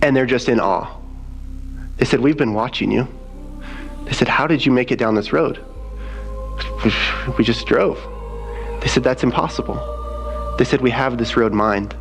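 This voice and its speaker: A man's voice: medium pitch, moderate pace, creaky, long pauses, soft background music, rough recording. A man giving a spoken testimony as a missionary, telling his story and quoting others as he goes.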